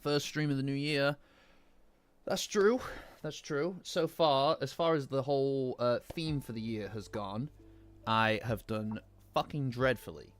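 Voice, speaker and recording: Speaking smoothly at a slightly slow pace and medium pitch, a man rambles casually to his live-stream viewers, swearing now and then and battling a lingering cough. Faint lo-fi music plays behind him in a cold room at home.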